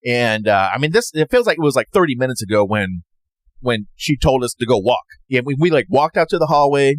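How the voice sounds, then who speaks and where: Telling a personal story in a loose, wandering way, this podcast host acts out what others said, his pitch rising and falling widely. He's animated and fairly quick. The sound is dry and close, with no sense of the room.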